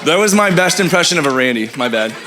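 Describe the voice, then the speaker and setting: A man's voice: a little high, animated, fast talker, a crowd in the background, noisy background. A man casually introducing speakers, loose and playful.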